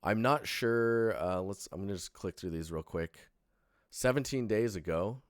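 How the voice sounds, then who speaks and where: Young male streamer, very low voice, dry close sound, sleepy rambling critique. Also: normal speed, dry recording. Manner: relaxed, rambling, many fillers and restarts. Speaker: streamer reviewing portfolios. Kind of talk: casual live-stream critique.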